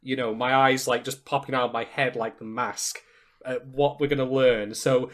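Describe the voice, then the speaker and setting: A man co-hosting a casual podcast, talking in an animated, jokey way with exaggerated mock reactions. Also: medium pitch, normal speed. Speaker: podcast co-host.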